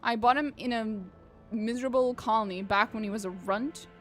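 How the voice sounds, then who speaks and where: A woman's voice: on the high side, moderate pace, close to an everyday voice. A woman reading aloud as a boastful, blunt male noble warlord from a game, over faint music.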